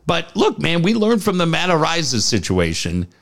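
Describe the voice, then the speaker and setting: A male podcast co-host with a gravelly edge, talking sports in a casual, blunt, profane way. His pitch sits a little high and swings widely as he gets going. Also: wildly swooping pitch, moderate pace, fairly bright tone.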